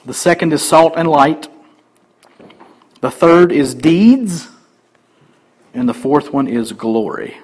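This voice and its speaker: A man pastor preaching a sermon emphatically, swinging between loud declarations and quiet asides. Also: a little high, lively intonation, takes it slowly, pauses often, breathy edge, low-quality recording.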